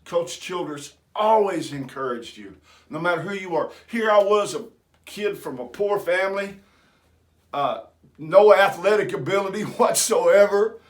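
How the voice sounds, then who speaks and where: A man's voice: high-pitched, a little slow. Folksy man telling a story. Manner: folksy, self-deprecating. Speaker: vlogger. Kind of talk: personal storytelling.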